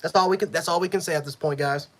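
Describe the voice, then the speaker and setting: A man giving a live sports reaction, frustrated and profane, swinging between yelling and low muttering. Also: fairly even intonation, very fast, background noise. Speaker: sports fan streamer.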